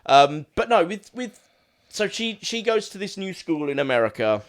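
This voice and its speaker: A man's voice: high-pitched, big pitch swings, moderate pace. A man co-hosting a film podcast, casually retelling a plot in a rambling way, correcting himself as he goes.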